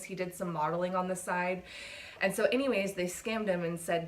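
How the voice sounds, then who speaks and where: Low-voiced woman telling a painful story. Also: a bit bright. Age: 30s. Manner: emotional retelling, frequent "like". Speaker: vlogger. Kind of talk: personal storytelling vlog.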